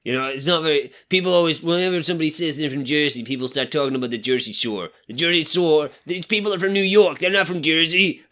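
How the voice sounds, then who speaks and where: A guest in a casual chat, relaxed and playful, chuckling often. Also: mid-range voice, fast talker, few pauses.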